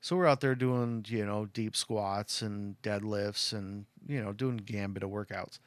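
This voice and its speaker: A middle-aged man from Arizona tells a heartfelt story, rambling through fillers and getting choked up along the way. His voice sits on the lower side. The sound is dry and close, with no room echo. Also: steady tone, measured pace. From Arizona, USA. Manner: rambling, heartfelt, lots of "like" and "you know" fillers. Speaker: fan telling a personal story. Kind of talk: casual storytelling.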